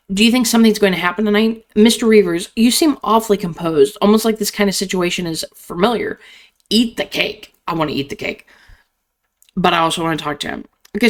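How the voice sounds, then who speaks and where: A woman streaming a horror game, chatting casually as she picks dialogue choices. Her tone is playful and giggly. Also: mid-range voice. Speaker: gaming streamer. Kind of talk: casual let's play commentary.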